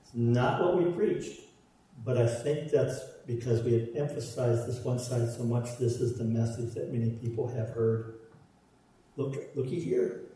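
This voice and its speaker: A man's voice: mid-range voice, steady tone, normal speed, warm tone, a little hiss or hum. A man preaching a sermon, stressing his points through repeated parallel phrases. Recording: roomy echo, voice from far off.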